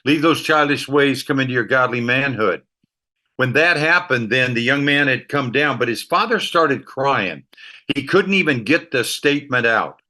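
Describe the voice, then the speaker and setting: A man's voice: mid-range voice, normal speed. A middle-aged man, a ministry leader and author, telling emotional stories as an interview guest. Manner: animated storyteller, emotional anecdotes. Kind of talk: storytelling interview talk.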